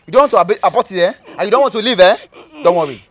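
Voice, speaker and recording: A man's voice: sits high, animated, very fast. A man playing a cruel, spiteful husband who threatens his pregnant wife, taunting with mocking questions. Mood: menacing. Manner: taunting, menacing, tag questions "eh?". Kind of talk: web skit drama acting.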